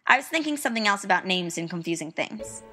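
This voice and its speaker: A woman's voice: mid-range voice, lively intonation, fast talker, over music. A young woman, a student, narrating a personal letter in an earnest, musing, wistful way.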